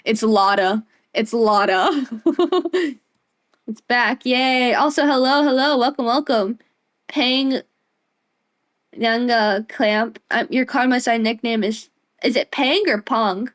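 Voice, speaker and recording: A woman's voice: a little high, steady tone, slow pace. Giggly young woman streamer. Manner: giggly, playful, rambling. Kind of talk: casual gameplay commentary.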